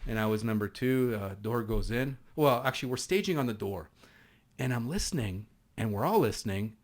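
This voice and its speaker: Animated middle-aged man with East Coast accent. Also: mid-range voice, fairly quick. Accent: Canadian East Coast. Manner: animated storyteller with many restarts and laughs. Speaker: podcast guest, former SWAT sergeant. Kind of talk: casual storytelling.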